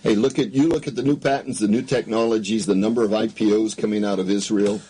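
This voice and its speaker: A husky man with a low voice speaks as a guest on an interview show. His storytelling is earnest and measured. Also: fairly even intonation, mellow, poor audio.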